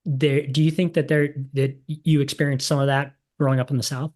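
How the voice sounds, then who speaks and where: A man hosts a podcast in a mid-pitched, even voice. He speaks thoughtfully and hesitantly, restarting his sentences as he works through an idea. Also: brisk. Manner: thoughtful, hesitant, repeats words. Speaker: podcast host, ghostwriter. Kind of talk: casual interview conversation.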